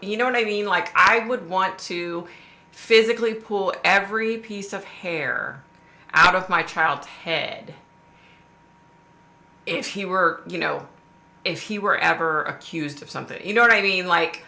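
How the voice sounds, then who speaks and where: A woman's voice: mid-range voice, measured pace, bright, forceful tone. Blunt, swearing woman live-streaming. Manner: blunt, swears freely, repeats questions for emphasis. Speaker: livestream host. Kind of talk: casual live chat reading viewer comments. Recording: echoey room with faint background noise.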